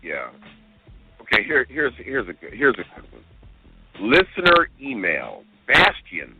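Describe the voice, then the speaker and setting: Man, radio co-host, reading listener emails, exasperated, disbelieving, lively swooping pitch, slow delivery, phone-like sound. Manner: exasperated, incredulous outbursts. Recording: tinny phone-line radio sound with music.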